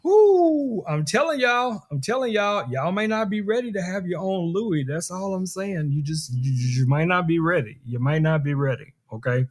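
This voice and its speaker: A man with a somewhat high voice hosts a live tech stream. He jokes around and talks straight to the people watching while he shows off gadgets, keeping the tone loose and animated. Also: moderate pace. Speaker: tech livestream host. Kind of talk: casual live stream product demo.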